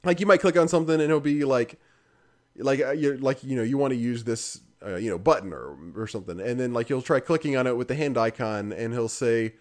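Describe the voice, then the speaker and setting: In a casual chat, a man with a mid-range, slightly mellow voice talks a little fast while picking apart a game. His review is dry and critical, rambling along with lots of fillers and regular laughter.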